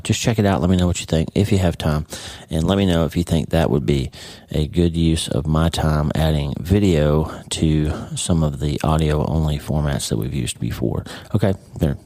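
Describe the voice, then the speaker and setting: A man's voice: very deep voice, fairly quick, warm tone, dry recording. A man hosting a podcast, giving a casual devotional Bible lesson in a conversational way that keeps checking in with the listener. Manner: conversational, repeats words and checks in with "okay?" and "right?". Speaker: podcast host and Bible teacher.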